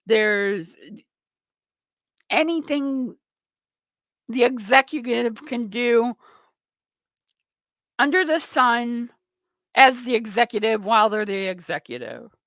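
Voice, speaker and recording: A woman's voice: on the high side, expressive, slow, pauses often, fairly bright tone, no echo. A woman hosting a political talk radio show, ranting with sarcastic indignation.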